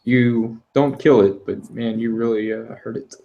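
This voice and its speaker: A man's voice: medium pitch, fairly even intonation, unhurried, dark tone, lo-fi sound. A man running a tabletop game as game master, speaking casually and loosely. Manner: casual, loose, with fillers and asides.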